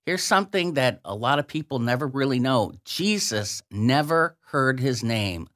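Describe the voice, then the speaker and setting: Man explaining scripture verses slowly. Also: medium pitch, lively intonation, a bit bright. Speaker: radio guest. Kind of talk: explaining scripture on a radio talk show.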